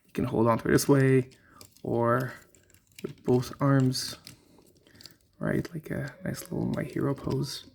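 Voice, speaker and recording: A man casually reviewing a collectible figure, talking in a relaxed, rambling way with fillers and restarts. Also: mid-range voice, slow pace, vocal fry, long pauses. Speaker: toy reviewer.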